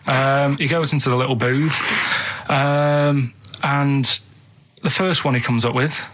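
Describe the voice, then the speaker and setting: A man telling a deadpan story on a comic radio show. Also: medium pitch, unhurried.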